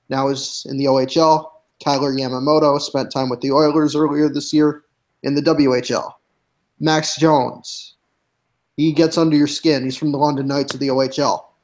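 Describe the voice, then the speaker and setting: A man on a hockey podcast, reading through a team roster name by name in a measured, steady way. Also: on the high side. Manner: reads lists of names in a measured, steady way. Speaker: guest hockey analyst.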